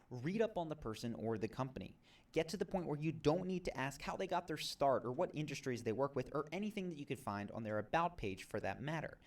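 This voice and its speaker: A man giving scripted narration in an instructional video, clear and instructive. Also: a little high, recorded from a distance.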